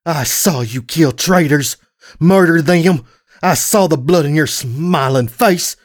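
A man's voice: medium pitch, lively intonation, measured pace, a little mellow. A man reading a fan story, voicing a hot-tempered young mare pony who pleads in a raised, anguished voice.

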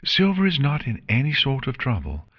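A man voicing a soft-spoken, reassuring princess pony in a storybook reading. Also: mid-range voice, wildly swooping pitch, normal speed, husky, pitched above the performer's own voice, heavily acted. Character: gentle regal female pony princess.

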